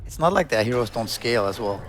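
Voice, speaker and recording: A man giving measured, analytical color commentary on an esports match. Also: medium pitch, expressive, background noise. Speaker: esports co-caster.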